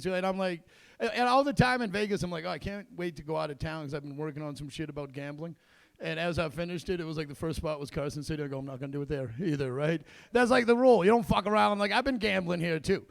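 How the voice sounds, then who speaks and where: A man's voice: high-pitched, creaky, dry recording. A man doing a stand-up comedy set on a casino club stage, rambling and crude, acting out quotes in his routine.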